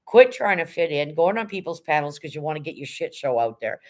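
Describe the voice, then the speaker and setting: A woman's voice: low-pitched, sing-song, fairly quick. Blunt no-nonsense streaming woman. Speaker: live streamer greeting chat. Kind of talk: casual livestream chat.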